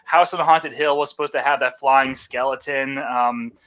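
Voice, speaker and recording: Bright-voiced, joking man. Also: mid-range voice, normal speed. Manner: animated, laughing, crude jokes. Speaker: podcast co-host. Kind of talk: casual movie-review chat.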